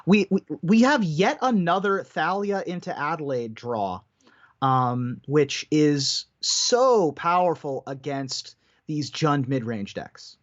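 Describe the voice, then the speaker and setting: Higher-voiced man calling card-game play. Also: lively intonation, slow. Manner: analytical play-by-play. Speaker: tournament commentator. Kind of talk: live game commentary. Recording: dull lo-fi stream audio.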